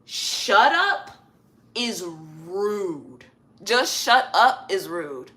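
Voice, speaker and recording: A woman chats casually on a live stream while styling her own hair at home, animated and stretching words out for emphasis. Her voice is medium in pitch and extremely slow.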